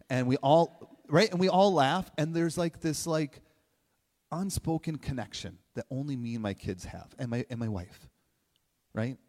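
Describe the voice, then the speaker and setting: Animated middle-aged man speaking in a hall. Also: mid-range voice, moderate pace. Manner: conversational, animated, asks many questions, keeps tagging "right?". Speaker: motivational speaker. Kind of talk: live talk to an audience. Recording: long hall reverb.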